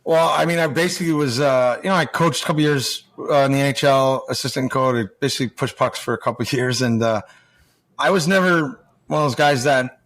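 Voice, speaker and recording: A fairly quick man with a mid-range, somewhat bright voice guests on a podcast. In his forties, an ex-pro hockey player now coaching juniors, he tells rambling, profane stories casually and acts out what people said.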